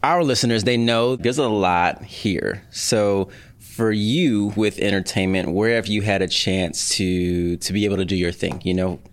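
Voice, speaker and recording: Man, interview co-host, calm measured questions, deep voice. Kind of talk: casual interview chat.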